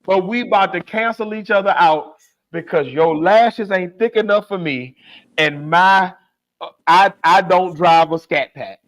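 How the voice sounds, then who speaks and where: A podcast co-host with a high, fairly bright voice speaks a little slowly as he launches into a comedic, profane, exasperated rant during casual talk.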